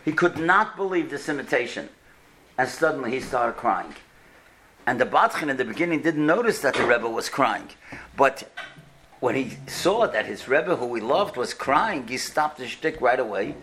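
A man's voice: mid-range voice, sing-song, moderate pace, fairly bright tone, a little hiss or hum. A man giving a sermon, telling stories and building earnestly to emphatic points and rhetorical questions. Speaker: religious speaker. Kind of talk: sermon with storytelling.

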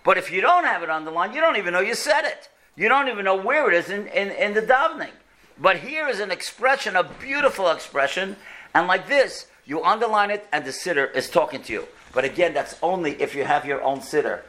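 A man's voice: high voice, expressive, fairly quick, pushed and bright. A man giving a sermon, telling stories and building earnestly to emphatic points and rhetorical questions. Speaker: religious speaker. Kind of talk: sermon with storytelling.

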